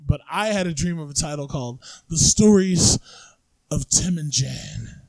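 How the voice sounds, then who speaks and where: A man's voice: fairly high pitch, expressive, a little slow, gravelly, darkish tone, no echo. A man hosting a podcast in loose, joking banter, swearing freely and breaking into laughter. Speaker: podcast host.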